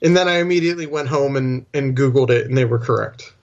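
A man's voice: medium pitch, fast, darkish tone, highs cut off. A man chatting casually about movies, rambling a bit and restarting his sentences.

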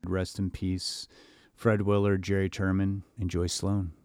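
Deep, gravelly podcast host. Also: male voice, monotone, a little slow, a little mellow, dry recording, clean studio sound. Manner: rambling, chatty storytelling with fillers. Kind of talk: casual chat.

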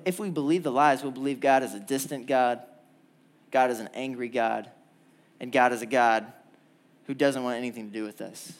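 Animated young man preaching a sermon. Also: a little high. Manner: animated storytelling, lively and earnest. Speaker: pastor. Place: church hall.

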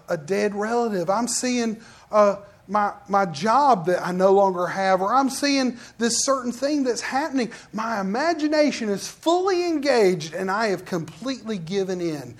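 Male preacher, animated delivery, slips into the voices he quotes. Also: sits high. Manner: animated, acts out quoted prayers and Bible figures. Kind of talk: sermon.

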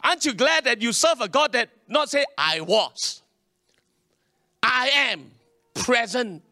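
A man preaching a sermon in a church, animated and calling on the congregation to respond. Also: extremely high pitch, slow pace, no echo, studio quality. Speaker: pastor.

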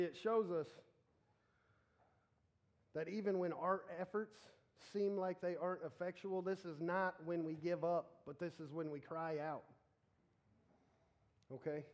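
A man preaching a casual sermon, animated and joking as he talks straight to the congregation. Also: on the high side, lo-fi sound.

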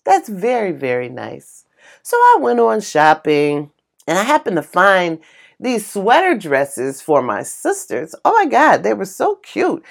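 A woman with a medium-pitched, gravelly voice and a measured pace casually tells a personal story with emotion. She exclaims, acts out what people said in different voices, and becomes tearful as she retells it.

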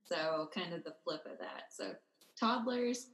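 A woman's voice: lowish voice, lively intonation, unhurried, a bit bright. A woman hosting a casual interview, chiming in easily and agreeing. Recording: roomy echo.

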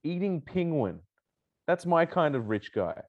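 Enthusiastic male co-host, animated pitch, rambles with fillers. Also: measured pace, dull audio. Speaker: podcast co-host. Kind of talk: casual chat.

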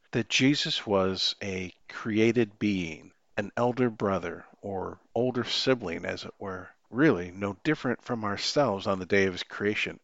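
A man hosting a podcast, giving a measured, scripted Bible teaching. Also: on the low side, a bit bright, no echo, muffled recording. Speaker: podcast host.

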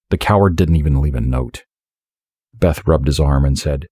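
A man reads a story aloud in a steady, measured audiobook style. His voice is very deep with a husky edge. The recording is dry and close, with no room sound. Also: no room sound. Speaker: narrator. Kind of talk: audiobook narration.

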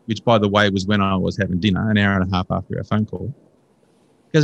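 An earnest Australian man tells a story about his own life in a relaxed conversational way, excitable and animated as he goes. His voice sits fairly low, and the sound is dry and close with little room echo. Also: quick pace, vocal fry, lo-fi sound. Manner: earnest, excitable, jumps into high voices for quotes. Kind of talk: casual storytelling.

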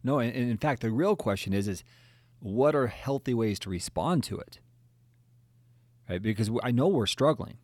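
A man's voice: mid-range voice, lively intonation, moderate pace, long pauses, a little mellow, no echo, studio quality. A middle-aged male clinician co-hosting a podcast, explaining earnestly and asking rhetorical questions. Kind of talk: conversational discussion.

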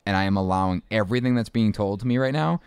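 A man in his thirties from Boston with a faint, mostly smoothed-out Boston accent, talking casually as an interview guest in a rambling way full of restarts and asides. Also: lowish voice, fast talker, darkish tone, dry recording.

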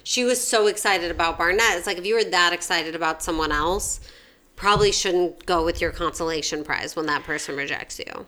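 A woman's voice: on the low side, brisk. A woman in casual podcast chat, talking animatedly and acting out quotes with lots of "like". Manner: animated, acts out quotes, frequent "like". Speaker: podcast co-host or guest.

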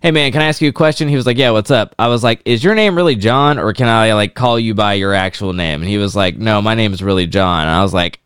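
A man's voice: fairly low pitch, fast, hardly any pauses, fairly bright tone, clear, resonant tone, dry recording, clean studio sound. A man co-hosting a podcast, telling a rambling story in casual chat, with lots of filler words and swearing. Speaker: podcast co-host.

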